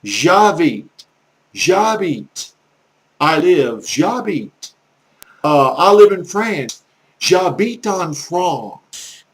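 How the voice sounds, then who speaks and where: A man with a Southern US accent giving a casual, rambling home-made French lesson, with lots of "uh" fillers and slow, drawn-out French words. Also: on the high side, sing-song. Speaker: amateur French teacher.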